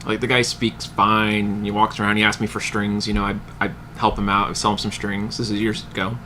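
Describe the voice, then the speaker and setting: A man's voice: fairly low pitch, little pitch movement, fairly quick, sharp tone, slight background noise. A young adult man casually telling rambling anecdotes on a livestream, slipping into quoted voices. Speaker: livestream host. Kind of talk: casual storytelling.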